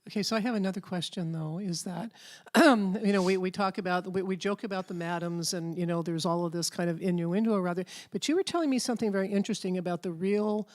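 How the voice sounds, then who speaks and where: A woman's voice: fairly low pitch, fast, few pauses. Woman, pastor, interviewer, conversational, church event.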